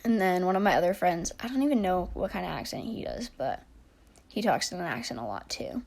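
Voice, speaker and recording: A woman in her twenties giving a chatty, rambling voice-over while building in a game, full of restarts and soft trailing asides. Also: mid-range voice, very animated, fast, vocal fry. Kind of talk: casual voice-over commentary.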